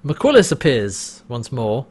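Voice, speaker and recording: A man's voice: mid-range voice, wildly swooping pitch, takes it slowly, slightly rough. A man co-hosting a casual talk show, recapping an episode, laughing a lot and acting out lines in goofy voices. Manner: laughs often, acts out quotes in silly voices. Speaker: podcast co-host recapping a TV episode. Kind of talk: casual chat.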